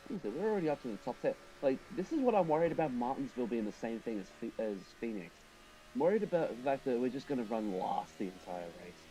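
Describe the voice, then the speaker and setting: Guy streaming a racing game, chatty, thinks out loud, mellow warm voice, faint hiss behind. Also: mid-range voice, big pitch swings, fast talker, rough recording. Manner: chatty, thinking aloud, talks to chat. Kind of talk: casual live commentary while racing.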